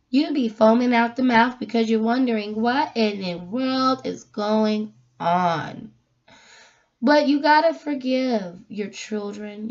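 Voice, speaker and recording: A woman speaks slowly in a fairly high voice, giving a casual spiritual talk with animated, emphatic storytelling. The recording is dull and lo-fi. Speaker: vlogger giving a faith message.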